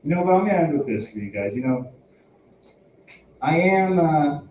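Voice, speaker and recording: Self-mocking young comic with lively pitch. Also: male voice, normal speed, recorded from a distance, a little hiss or hum. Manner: self-mocking, jumpy pitch, laughs at own jokes. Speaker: stand-up comedian. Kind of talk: open mic stand-up. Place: small tobacconist shop. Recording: echoey room, heard from afar.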